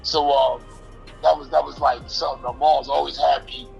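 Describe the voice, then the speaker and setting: A man's voice: medium pitch, flat delivery, normal speed, creaky, darkish tone, dull audio, soft background music. A man in his forties with a New York accent, telling life stories as an interview guest in loose street slang. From Brooklyn, New York. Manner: loose street slang, restarts, acts out quoted voices. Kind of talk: casual storytelling.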